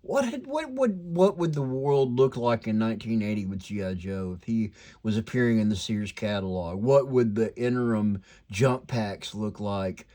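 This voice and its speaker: An older man with a slight twang and a lowish voice talks through whatever is on his mind. He rambles casually at home, full of fillers, restarts and side trails. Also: moderate pace, warm tone. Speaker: toy collector vlogger.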